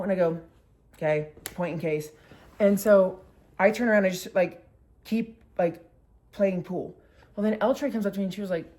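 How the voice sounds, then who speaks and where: A woman in her twenties, a vlogger casually retelling a story with lively acted quotes and lots of "like". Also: on the low side, fairly quick.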